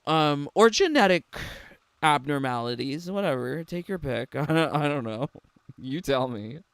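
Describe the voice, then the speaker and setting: A man's voice: on the high side, expressive, unhurried, creaky, clear, resonant tone, no echo. A man giving sarcastic, mocking reaction commentary on a game trailer, laughing often. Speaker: gaming commentator.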